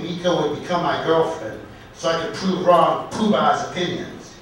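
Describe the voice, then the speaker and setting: Man, open mic comedian, slightly high voice, halting self-correcting storytelling, very echoey club, recorded from far off. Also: fairly bright tone, a little hiss or hum. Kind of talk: storytelling stand-up set.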